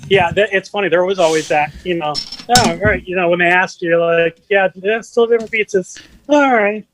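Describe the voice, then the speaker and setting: Guy guest, high voice, stumbles and repeats himself, kinda self-deprecating. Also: a little fast, fairly bright tone, a little hiss or hum, poor audio. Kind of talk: casual chat.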